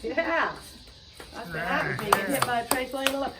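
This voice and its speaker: Woman, high voice, rambling host, echoey room, distant mic. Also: expressive, a little fast. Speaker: show host and singer. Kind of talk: casual chat and singing with ukulele. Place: home room with doors open to a yard. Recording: roomy, distant mic, loud music.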